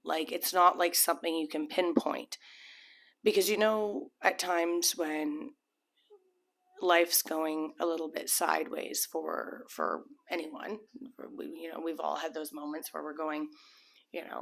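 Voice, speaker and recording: A woman's voice: sits low, lively intonation, a little slow, creaky. A woman giving a casual, rambling tarot reading to camera, full of restarts and fillers, sometimes acting out what people might be thinking. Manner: acts out imagined people's thoughts. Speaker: tarot reader.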